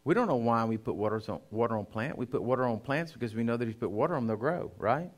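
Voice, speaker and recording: A man, a pastor, preaching a sermon to his congregation. He speaks emphatically, dropping to a hush and then rising loud, and addresses the listeners directly. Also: medium pitch, expressive, quick pace. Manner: emphatic preaching, swinging between hushed and loud.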